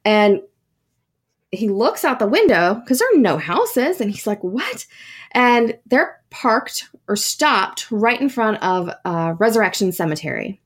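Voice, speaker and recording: A woman's voice: medium pitch, sing-song, measured pace. A woman hosting a podcast, telling a ghost story in a casual, chatty way with many fillers and asides. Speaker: podcast host.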